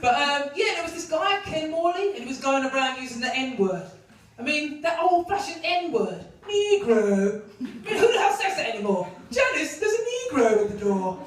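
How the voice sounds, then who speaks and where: A woman's voice: high-pitched, animated, normal speed. A woman performing a stand-up comedy set in a club, with a brash, mocking, punchy delivery. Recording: echoey club recorded from far off. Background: audience laughter.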